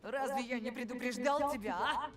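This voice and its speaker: A woman's voice: fairly high pitch, brisk, roomy sound, lightly acted. A woman voicing an enraged village boy who threatens with a knife, in a menacing way, heard as distant game audio with music behind.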